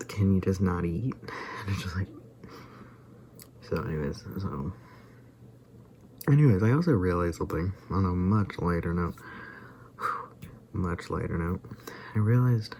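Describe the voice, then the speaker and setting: A man's voice: deep voice, gravelly, a little hiss or hum. A weary man vlogging in a rambling casual monologue, sighing and sometimes dropping to a whisper. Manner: tired, drifts into soft whispers and sighs.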